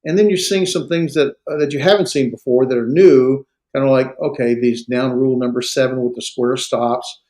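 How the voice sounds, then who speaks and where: A man guides a single student through Greek grammar in an easygoing, encouraging way. He thinks aloud, often pausing on fillers as he checks his notes. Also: mid-range voice. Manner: relaxed, coaching, filler-heavy. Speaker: Greek tutor. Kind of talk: one-on-one tutoring.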